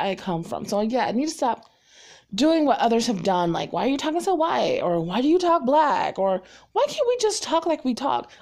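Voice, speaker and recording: A woman hosting her own podcast, talking casually and rambling with lots of fillers and quick bursts. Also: mid-range voice, darkish tone. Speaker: podcast host. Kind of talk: casual solo podcast monologue.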